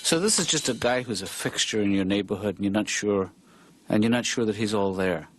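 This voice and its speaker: A man voicing a cartoon therapist who gives mild, low-key replies to his patients. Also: fairly quick, music in the background, natural voice.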